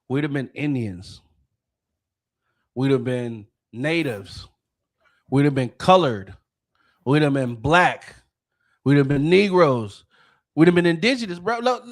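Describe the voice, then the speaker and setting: Man, high-pitched voice, podcast host, heated profane rant, frequent restarts.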